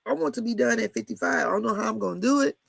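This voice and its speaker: A woman's voice: on the high side, animated, racing, vocal fry, fairly bright tone, husky, no room sound. A woman in her fifties chatting casually about a reality show, candid and blunt, laughing often and cussing freely. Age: 50s. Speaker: reality TV commentator. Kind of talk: casual chat.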